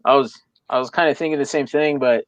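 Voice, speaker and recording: A man's voice: mid-range voice, fairly even intonation, quick pace, dry recording, lo-fi sound. A young man co-hosting a live stream in a casual, laid-back chat, full of fillers and easy laughs.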